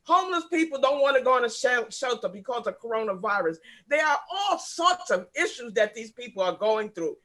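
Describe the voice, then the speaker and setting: A man's voice: extremely high pitch, sing-song, a little fast, hardly any pauses, pushed and bright. A man speaking at an online meeting, emotionally upset, insistent and repeating his points. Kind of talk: impassioned remarks at an online meeting.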